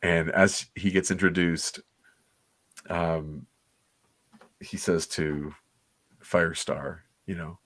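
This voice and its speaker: A man's voice: low-pitched, fairly even intonation, takes it slowly, pauses often, a bit bright, no room sound. A man co-hosting a comics livestream, giving rambling, enthusiastic, nostalgic commentary on an old cartoon. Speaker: comics podcast co-host.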